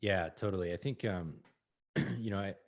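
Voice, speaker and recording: An earnest man speaks on a podcast in a fairly low voice. He acts out his own inner thoughts as he explains them. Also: normal speed. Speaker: podcast co-host. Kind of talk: casual conversation.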